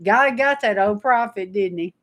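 Leading a Bible study over livestream, a woman reads passages and recounts stories chattily, with frequent laughter. Her voice is medium-pitched and fairly bright, at a moderate pace.

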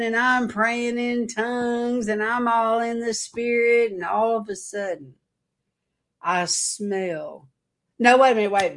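A woman preacher giving an informal sermon to an online audience, telling a rambling story in an earnest way. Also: medium pitch.

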